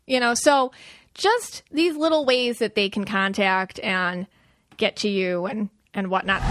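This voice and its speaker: A woman's voice: moderate pace, dry recording. Chatty woman podcast host, dry mic. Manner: chatty, animated storytelling with high-pitched quoted asides. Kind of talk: casual podcast talk.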